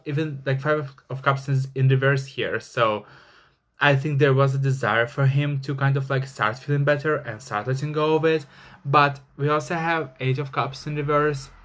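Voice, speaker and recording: A man's voice: medium pitch, a bit bright. A man giving a casual tarot reading, rambling with many fillers and flaring into angry swearing. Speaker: tarot reader.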